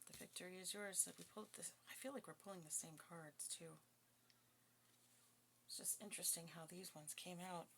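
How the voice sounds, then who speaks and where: A woman with a bright, forceful voice talks through a tarot spread in a loose, chatty way, with blunt asides and bursts of giggling. Her voice sits a little low for a woman. A faint hiss runs under the recording. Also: moderate pace, gravelly, pauses often. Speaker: tarot reader. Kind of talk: casual tarot reading.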